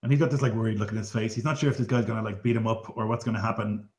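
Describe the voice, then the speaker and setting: Casual game master, low voice. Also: male voice, steady tone, very fast. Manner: casual, filler-heavy narration. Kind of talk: narrating a tabletop game. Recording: echoey room.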